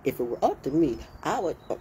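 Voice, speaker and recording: A woman's voice: low voice, sing-song, fast, mellow. A woman giving a blunt, passionate monologue, talking straight to her listeners in a casual and emphatic way. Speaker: motivational speaker. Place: outdoors, birds and passing vehicles. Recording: noisy outdoor recording.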